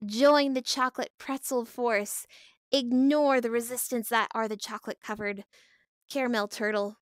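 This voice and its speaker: A woman's voice: high voice, no echo, clean studio sound. A woman hosting a casual livestream, playful and mock-dramatic, often breaking into laughter. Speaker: livestream host.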